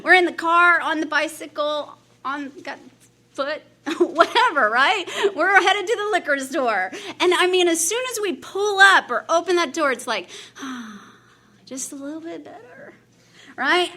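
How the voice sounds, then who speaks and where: A woman from Dallas, giving an animated recovery meeting share, laughing often and acting out her own past dialogue. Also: high voice. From Dallas, Texas. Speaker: AA speaker.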